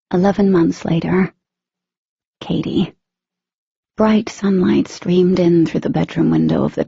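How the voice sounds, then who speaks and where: A woman narrates a romance audiobook in the first person, her voice husky and edged with gravel. She lets the heroine's emotion show through. The recording is dull, muffled and very dry. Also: fairly low pitch, mellow, no echo.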